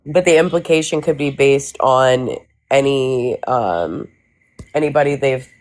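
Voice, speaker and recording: A man in a casual group discussion who speaks in a measured way and restates points. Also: mid-range voice.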